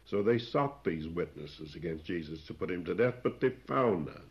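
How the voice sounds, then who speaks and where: Low-voiced male preacher, plain and deliberate, pauses often, on a muffled old recording. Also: animated. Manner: plain-spoken, explains old scripture wording, frequent "uh" pauses. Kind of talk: expository sermon. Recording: dull lo-fi recording.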